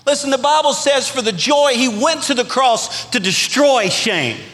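A middle-aged pastor from Louisiana with a Cajun accent preaches in a sanctuary with a long hall echo. His voice sits high and sounds bright and forceful. He builds his points with rising emphasis and calls out for amens. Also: animated, moderate pace. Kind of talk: sermon. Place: church sanctuary.

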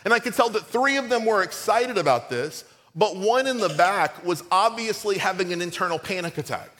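High-voiced middle-aged pastor with a cold. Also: male voice, brisk, big-room sound. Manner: storytelling, animated and conversational, acts out quotes. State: has a cold. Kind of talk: sermon.

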